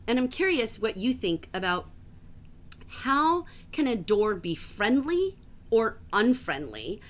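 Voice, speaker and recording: A woman teaching a livestreamed literature class from home, enthusiastic and gently emphatic, reading passages aloud slowly. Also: a little high, big pitch swings.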